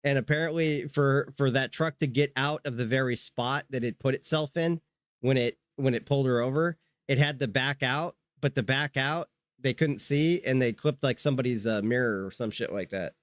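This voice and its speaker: A man talks on a live stream in loose, rambling sentences, dropping curses and circling back as he restarts his thoughts. His voice sits at an ordinary middle pitch. The sound is close and dry, with no room echo at all. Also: moderate pace. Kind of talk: casual chat.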